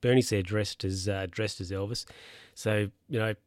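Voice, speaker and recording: A man's voice: fairly low pitch, steady tone, moderate pace, no room sound. Male podcaster, dry close sound, loose filler-heavy recap delivery. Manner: rambling, filler-heavy, self-correcting. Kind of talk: casual film recap.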